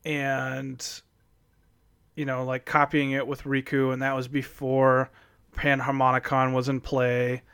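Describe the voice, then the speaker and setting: A man co-hosting a casual card-game discussion, talking in a halting way with many fillers and trailing thoughts. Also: mid-range voice, completely flat delivery, vocal fry, fairly bright tone, clear, resonant tone, no room sound, clean studio sound. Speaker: podcast co-host.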